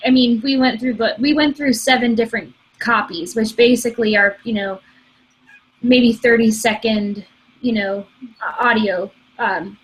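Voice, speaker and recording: A woman's voice: a little high, steady tone, moderate pace, slightly rough. A woman in her twenties from Michigan with a slight Michigan accent, chatting casually and laughing easily. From Michigan, USA. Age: 20s. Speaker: co-host. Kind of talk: casual chat.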